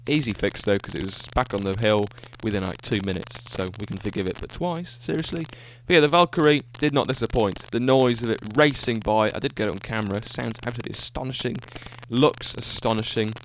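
A man's voice: medium pitch, brisk, hardly any pauses, slight background noise. A man hosting a solo podcast, talking in an enthusiastic, rambling way and often correcting himself. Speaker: podcast host. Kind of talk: solo casual podcast monologue.

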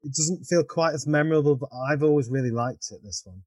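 A man's voice: on the high side, animated, fast talker, a little mellow, no echo. A man chatting casually on a podcast, hesitant and correcting himself as he talks. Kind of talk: casual chat.

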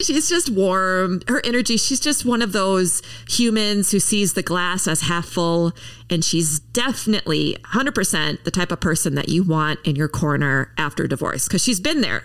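A woman hosts a podcast, giving an upbeat intro monologue in which she chats to her listeners in an encouraging way. Her voice is fairly low and a bit bright, and she is recorded from a distance.

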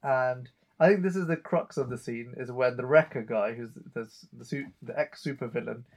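A man's voice: mid-range voice, moderate pace. A man co-hosting a chat show, casually retelling a TV episode scene by scene and reading out the characters' lines. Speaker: podcast co-host recapping an episode.

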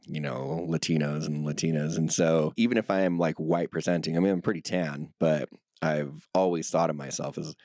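Very deep-voiced laid-back man in his thirties. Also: steady tone, normal speed, a little mellow, dry recording, studio quality. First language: Spanish. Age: 30s. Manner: laid-back storytelling, heavy filler words and swearing. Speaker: guest. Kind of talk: casual interview conversation.

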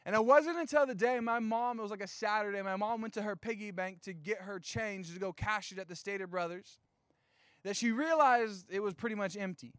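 A young man preaching a casual sermon, telling a childhood story in an animated, chatty way with lots of fillers. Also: sits high, no echo, clean studio sound. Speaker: youth pastor. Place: outdoor evening gathering.

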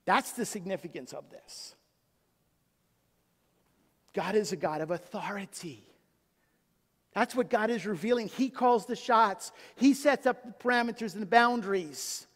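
A middle-aged man, a pastor, preaching a sermon with emphasis, swinging from loud to hushed. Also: high-pitched, unhurried, long pauses. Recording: long hall reverb.

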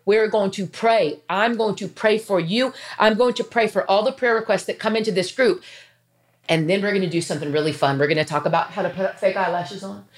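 A woman in her fifties talking earnestly and chattily to her viewers, emotional and near tears, with quick asides. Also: medium pitch. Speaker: faith vlogger. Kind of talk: heartfelt casual talk to camera.

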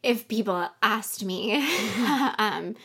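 A woman's voice: mid-range voice, animated, drawn-out words, creaky, fairly bright tone, slightly rough. A young woman hosting a podcast, chatting casually and affirming her guest, with many fillers. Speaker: podcast host.

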